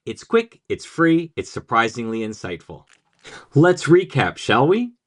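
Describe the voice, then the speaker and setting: A man's voice: medium pitch, very animated, a little slow. Male teaching coach, scripted explainer, punchy and playful, voice swings up and down a lot. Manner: upbeat, jokey, punchy delivery.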